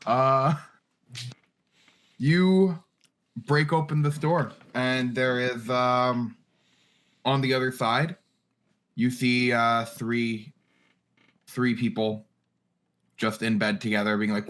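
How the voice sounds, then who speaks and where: Halting game master, chatty man. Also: mid-range voice, steady tone, fairly bright tone. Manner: laughs often, halting with fillers. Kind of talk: narrating a tabletop game. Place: home room, online session.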